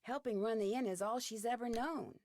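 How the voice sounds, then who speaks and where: An earnest teenage girl detective from a mystery video game, played by a woman. She talks in a clear, matter-of-fact way with a slightly high voice. The studio recording sounds dry and close. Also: a little fast, a little mellow, no room sound, lightly acted. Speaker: game character.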